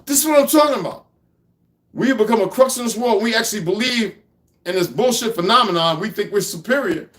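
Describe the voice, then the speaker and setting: A man's voice: high-pitched, expressive, fast talker, fairly bright tone. A man ranting bluntly and profanely to his viewers from his home. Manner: talks to his puppy between points. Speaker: vlogger. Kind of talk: casual rant to viewers. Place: at home by an open patio door.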